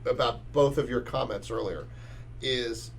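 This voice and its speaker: A man's voice: medium pitch, unhurried, breathy edge. A man co-hosting a casual sports talk podcast, emphatic and often restarting his sentences. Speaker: podcast co-host.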